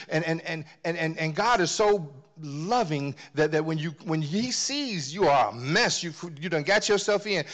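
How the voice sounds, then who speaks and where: A man preaching, in a fairly high voice. He swings from hushed, almost whispered lines to loud, driving emphasis, and he stacks repeated words as he builds a point. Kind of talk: sermon.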